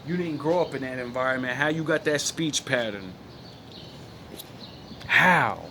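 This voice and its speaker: A man's voice: mid-range voice, unhurried, bright, forceful tone, slight background noise. A man from the United States giving a blunt, profane rant as a vlogger, mocking his targets and laughing between points. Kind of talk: ranting opinion monologue.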